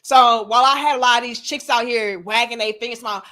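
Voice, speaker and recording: Blunt, high-voiced woman ranting. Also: quick pace, few pauses, bright, forceful tone. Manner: blunt and profane, slips into mocking quoted voices. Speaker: commentary channel host. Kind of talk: opinionated monologue to camera.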